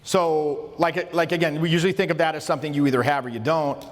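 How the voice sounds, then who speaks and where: A fairly high-voiced man teaches social skills in an easygoing lecture. He talks with informal emphasis and often restarts his sentences. His voice carries a long reverb tail from the room. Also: steady tone, fast talker. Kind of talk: casual instructional lecture.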